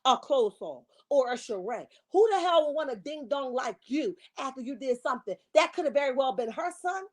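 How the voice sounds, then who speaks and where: A woman in her forties with a high voice hosts her own commentary, from Camden, New Jersey. She scolds in a heated rant and fires off rhetorical questions. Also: animated, a little fast. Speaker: online commentary host.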